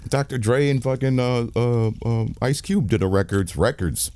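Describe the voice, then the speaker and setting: A man, a film director being interviewed, telling a story in a candid, animated, profane way and acting out quotes. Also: mid-range voice, normal speed.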